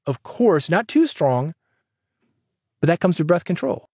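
A man hosting a podcast, giving advice in an energetic, chatty way that jokes with the listener. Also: fairly high pitch, moderate pace, husky, no room sound, studio quality. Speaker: podcast host and coach.

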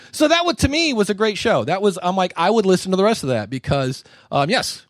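A man runs a live podcast critique session for an audience, sharply joking as he goes. His voice sits fairly high and swings widely in pitch. The sound is dry and close. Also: quick pace, hardly any pauses, dry recording. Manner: animated, joking and wisecracking. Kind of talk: live panel commentary. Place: conference room before a live audience.

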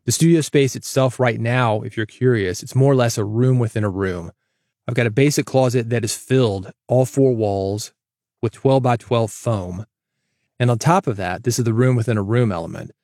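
A man's voice: medium pitch, normal speed, a little mellow, no echo. A man hosting his own podcast in a casual solo monologue, with varied, emphatic delivery, recorded in a foam-treated closet studio. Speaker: podcast host. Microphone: studio microphone.

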